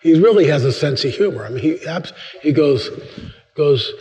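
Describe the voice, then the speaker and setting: An older man, a guest speaker at a church, telling stories in a sermon, acting out voices with big jumps in pitch. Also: brisk. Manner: animated storyteller, acts out dialogue with big pitch jumps. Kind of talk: storytelling sermon. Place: church sanctuary. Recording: long reverb of a church hall.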